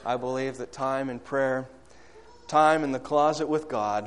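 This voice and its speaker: A man preaching a sermon, rising to loud, high-pitched calls and dropping to soft, low appeals, acting out quoted prayers and questions. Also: normal speed, clear, resonant tone.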